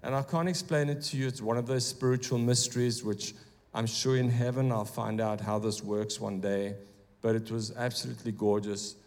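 A man's voice: mid-range voice, normal speed. Man preaching in a reverberant hall. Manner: animated, acts out quotes in bursts. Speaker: guest speaker. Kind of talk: sermon storytelling. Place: church hall. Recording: long church reverb.

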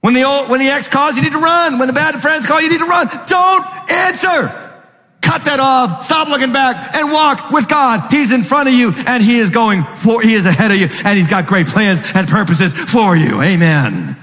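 A middle-aged man preaching a sermon as a pastor, animated and acting out voices with sudden jumps in pitch. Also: a little fast, hardly any pauses. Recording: long hall reverb.

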